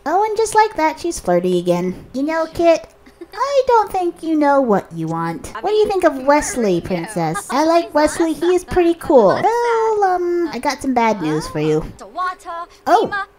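A woman giving casual commentary over a life-sim game, chatting to her characters and reacting with quick exclamations. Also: high voice. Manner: chatty, talks to her sims, lively reactions. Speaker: let's play host.

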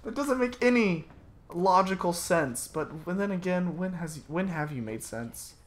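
A young woman casually chatting and joking while playing a shooter game, excitable and quick to laugh. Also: on the low side, slight background noise. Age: young adult. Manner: excitable, lively, laughing, swearing. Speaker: gameplay commentator. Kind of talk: casual gaming chat.

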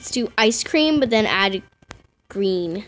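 Excitable girl doing game commentary, real slow drawn-out talking, squeals a lot. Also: medium pitch. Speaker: gaming video host. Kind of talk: casual game commentary to viewers.

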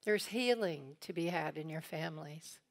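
A woman's voice: low voice, normal speed. A woman from eastern Kentucky teaching a church congregation, telling family stories and acting out the people she quotes. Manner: storytelling, acts out quoted voices with laughs. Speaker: guest teacher.

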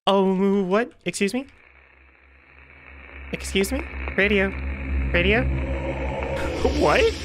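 Jumpy chatty woman gamer. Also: mid-range voice. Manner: chatty, jumpy, laughs often. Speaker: gaming streamer. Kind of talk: let's play commentary.

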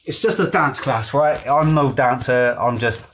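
Over a noisy background, a fitness instructor from Gloucester, England, speaks in an unhurried, mid-range voice with a Gloucestershire English accent. He leads a live-streamed dance fitness class in a chatty, upbeat way, greeting viewers by name.

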